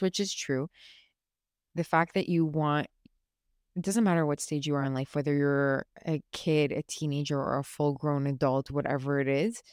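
A woman's voice: deep voice, a little mellow, dry recording, clean studio sound. A young woman hosting a podcast, talking casually and from the heart, rambling with lots of "like" and restarts. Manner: rambling, heartfelt, many fillers. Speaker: podcast host. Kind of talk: casual solo chat.

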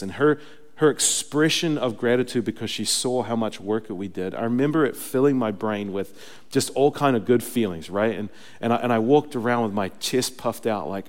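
A man's voice: mid-range voice, normal speed. A young adult male pastor preaching a sermon, telling stories casually and then building to emphatic preaching. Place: church sanctuary. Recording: long reverb of a church hall.

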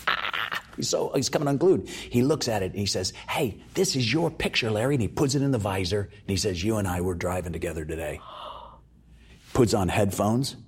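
A man's voice: lowish voice, a little fast, a little mellow, breathy edge. A man telling a story as an interview guest, acting out the voices of the people in it.

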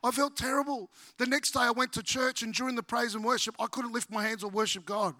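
Bright-voiced Australian pastor preaching. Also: male voice, very high-pitched, fast talker, no echo. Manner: humorous, animated storytelling. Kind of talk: sermon.

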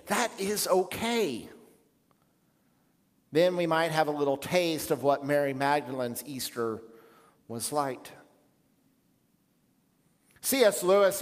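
Reflective male pastor in echoing hall. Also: fairly high pitch. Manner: measured, reflective preaching with pauses. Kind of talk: sermon.

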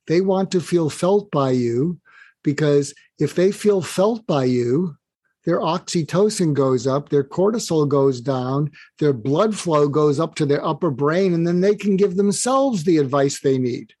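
A man's voice: on the high side, unhurried, husky, dry recording. An older man guest on an interview, explaining advice animatedly and acting out bits of dialogue. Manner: animated, acts out quoted dialogue. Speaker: guest author.

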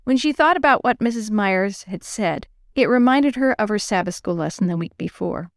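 Woman storyteller for kids, expressive, sing-song delivery, dry close sound. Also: medium pitch, normal speed, dry recording. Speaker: children's storyteller. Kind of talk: children's story reading.

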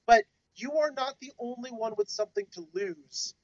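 An earnest podcast co-host talking through advice at a mid pitch. The sound is dull and lo-fi, with a dry close feel and no room around it. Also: normal speed, darkish tone, no echo. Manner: earnest, advising. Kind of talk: casual discussion.

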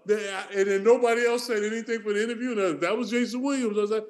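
A middle-aged man with a fairly high voice, co-hosting a podcast. He tells stories in a loose, animated way, laughs between lines and slips into voices for the people in them. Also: fast. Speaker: podcast co-host. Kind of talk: casual storytelling chat.

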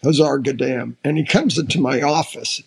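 An older American man, a retired admiral, telling stories in an interview, halting with restarts and lively when quoting others. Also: mid-range voice, creaky. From United States. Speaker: podcast guest, retired admiral. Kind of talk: casual interview storytelling.

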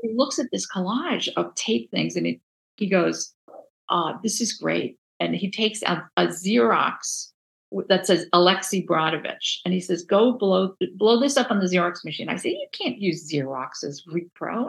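A woman with a New Jersey accent, a book designer telling stories in a casual interview, animated and full of restarts. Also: lowish voice, moderate pace, vocal fry, rough recording. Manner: animated, acts out quoted voices, many restarts.

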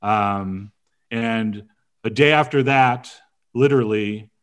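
A man's voice: on the low side, slow pace, smooth. A middle-aged man, a chef co-hosting a podcast, telling a long anecdote in casual chat with lots of fillers and restarts.

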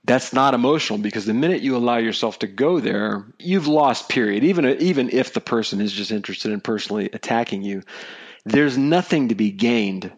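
A man's voice: mid-range voice, lively intonation, brisk. A thoughtful male podcast host. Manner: thoughtful, laughs often. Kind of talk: conversational interview.

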